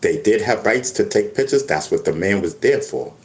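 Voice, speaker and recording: A man's voice: lowish voice, moderate pace. A man talking casually to camera, stammering and restarting often as he tells stories. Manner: animated storytelling with many restarts and stammers. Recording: echoey room.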